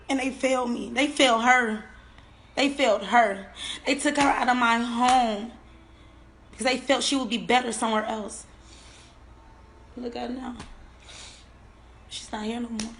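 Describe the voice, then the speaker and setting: A bereaved mother giving an emotional personal account, tearful and halting, often repeating her words and trailing off. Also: on the high side, fairly even intonation, a little hiss or hum. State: tearful, on the verge of crying.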